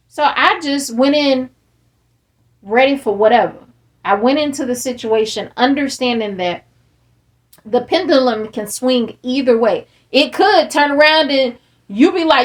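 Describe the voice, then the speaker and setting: A woman's voice: high-pitched, unhurried. A woman, hosting a candid casual chat, talking bluntly and acting out the people she quotes. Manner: blunt, animated, acts out quoted dialogue. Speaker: podcast host and parent.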